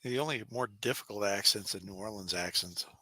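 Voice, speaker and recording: A man's voice: on the low side, fairly quick, sharp tone, no room sound, low-quality recording. A man who is a guest author, chatting casually and playfully, joking and slipping into silly voices. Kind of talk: casual chat.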